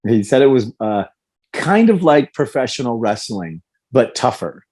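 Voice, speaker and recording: A man's voice: mid-range voice, big pitch swings, measured pace, a little mellow, slightly rough. A man in his fifties, a guest in a podcast interview, telling his story candidly and animatedly, acting out quoted lines. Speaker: guest, former fighter.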